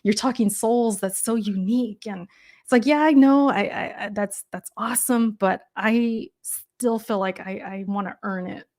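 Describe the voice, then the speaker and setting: A woman with a calm, soft-spoken delivery, chatting thoughtfully as a guest in a casual interview over a video call, laughing often. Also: mid-range voice, moderate pace. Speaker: guest gamer and YouTuber.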